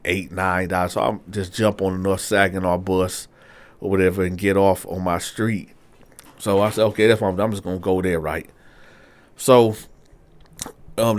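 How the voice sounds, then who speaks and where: A man casually telling a personal story, acting out the dialogue with big jumps in his voice. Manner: animated, acts out dialogue with big pitch jumps. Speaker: storyteller host.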